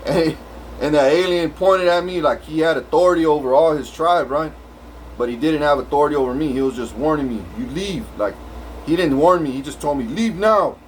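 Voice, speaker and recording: A man rambles through a long story in a profane, street-casual way, tripping over restarts and fillers. His voice sits a touch higher than most men's. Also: fairly quick, slight background noise, rough recording. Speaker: vlogger.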